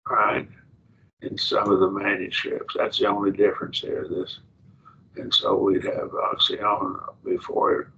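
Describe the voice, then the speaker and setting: Gravelly-voiced man teaching a Bible class. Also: fairly low pitch, pushed and bright. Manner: explains Greek word by word, slow and thinking aloud. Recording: dull lo-fi classroom recording with faint noise.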